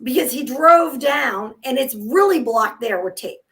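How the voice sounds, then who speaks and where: Woman co-host in her fifties, fairly high voice, lively storyteller in casual chat, laughs a lot. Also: a little slow. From United States. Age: 50s. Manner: animated storyteller, laughs often.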